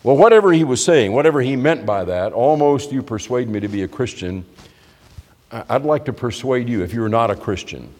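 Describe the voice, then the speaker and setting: A man's voice: medium pitch, animated, a little fast, a little mellow. Man preaching in a reverberant church. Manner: conversational, explanatory, with frequent restarts. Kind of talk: sermon. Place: church hall. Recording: long reverb of a church hall.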